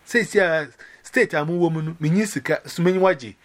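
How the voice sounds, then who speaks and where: A man's voice: on the high side, fast talker, fairly bright tone. A man from Ghana rambling casually on a phone call, slipping between English and Akan.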